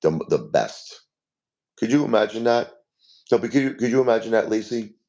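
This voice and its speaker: A man's voice: on the low side, animated, moderate pace, dark tone, dull audio. A grieving man in his forties, talking casually to his live-stream viewers. He repeats himself and speaks to viewers by name. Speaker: livestream host.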